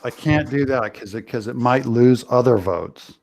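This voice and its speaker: A man's voice: mid-range voice, normal speed, darkish tone, a little hiss or hum. A man chatting casually on a live stream, joking and rambling with frequent restarts. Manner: joking, rambling, self-interrupting.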